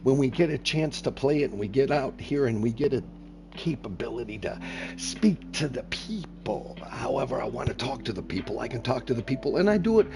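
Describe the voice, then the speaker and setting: A man's voice: mid-range voice, lively intonation, fairly quick, gravelly, background noise. An older man, a self-described grandpa, chatting in a folksy, rambling, earnest way on a gaming live stream, now and then slipping into radio-announcer patter.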